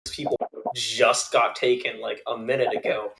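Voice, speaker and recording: A man's voice: mid-range voice, level tone, normal speed, creaky, a bit bright. A young man, a podcast co-host, tells a funny story in casual chat, laughing often and acting out the people he quotes.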